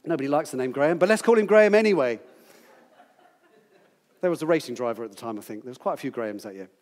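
A man's voice: mid-range voice, animated, fast talker, a little mellow, long reverb tail. A man in his sixties, possibly from Britain, teaching a Bible passage to a group in a chatty, playful way, quizzing his listeners as he goes. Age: 60s.

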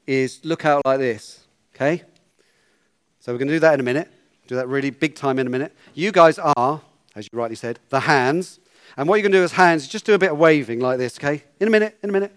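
A man's voice: on the high side, fairly bright tone, dry recording. A man leading a children's talk in church, playful and coaxing, giving instructions.

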